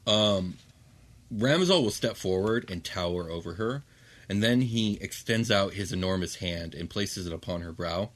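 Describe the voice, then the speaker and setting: A man's voice: deep voice, normal speed, fairly bright tone. A man narrating as game master of a tabletop game, casual and rambling with fillers.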